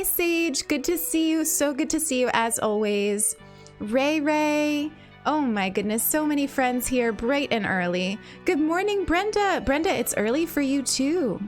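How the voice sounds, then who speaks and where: A woman hosting a livestream in casual chat. She greets viewers in a bubbly way, repeats her phrases and laughs often, and has a slight morning cough. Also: high voice. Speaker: livestream host.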